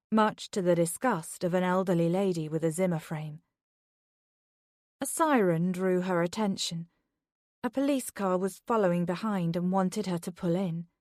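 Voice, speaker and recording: A woman narrating a psychological thriller audiobook in a measured, steady voice. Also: mid-range voice, no echo, clean studio sound. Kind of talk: scripted narration.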